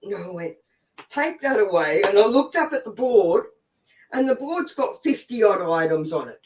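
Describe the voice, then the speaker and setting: A woman's voice: medium pitch, very animated, normal speed, a little mellow, distant mic, a little hiss or hum, low-quality recording. An Australian woman in her forties hosting a live stream, telling stories in a chatty way, swearing freely and laughing often. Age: 40s. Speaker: host. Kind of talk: casual live-stream storytelling.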